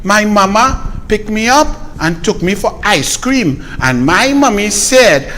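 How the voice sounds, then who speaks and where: A man's voice: sits high, animated, pushed and bright, a little hiss or hum. A man with a Trinidadian accent, giving sarcastic, mocking political commentary. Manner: sarcastic, mocking, fast-talking.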